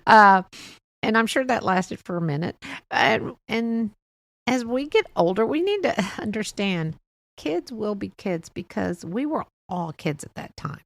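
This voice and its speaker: An older woman hosts a podcast, rambling through stories in a casual, chatty monologue and laughing often. Her medium-pitched voice is animated, a little slow, and has vocal fry, with no echo.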